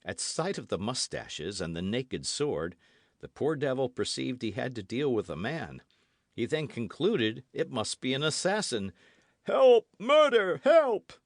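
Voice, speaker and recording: Brief: male narrator, lively intonation, dry close studio sound. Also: mid-range voice, measured pace, dry recording. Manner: expressive, animated reading. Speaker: audiobook narrator. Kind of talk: scripted narration.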